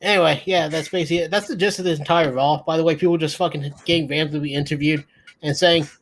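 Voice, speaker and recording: A man co-hosting a podcast gives a sleepy, profane, rambling recap of a wrestling show in casual chat. His voice is fairly high, with fairly even intonation, and he talks fast.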